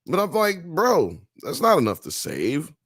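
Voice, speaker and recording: A man from the US South and Midwest hosts a live show, his slightly high voice swooping wildly in pitch. Unhurried, a bit bright and husky, he casually reads chat comments aloud and riffs on them in a laid-back way. The recording is dry with clean studio sound.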